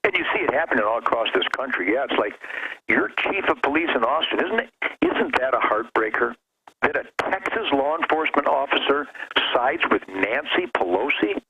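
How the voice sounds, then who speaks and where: A man's voice: mid-range voice, lively intonation, a little fast, muffled recording. A man calling in as a radio show guest, delivering a fiery, preachy rant that builds into outbursts. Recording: noisy radio line.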